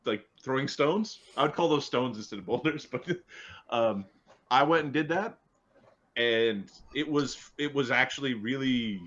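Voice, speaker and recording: A man's voice: mid-range voice, measured pace, fairly bright tone, muffled recording. A man, a player chatting casually and rambling with a laugh. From Ontario, Canada. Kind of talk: casual chat.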